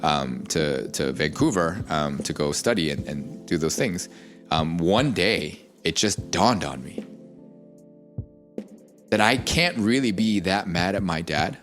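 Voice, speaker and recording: A middle-aged man with a very low voice, a pastor chatting casually on a podcast. He talks in a reflective, storytelling way, pausing on fillers as he thinks. Faint music sits underneath. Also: lively intonation, fairly bright tone.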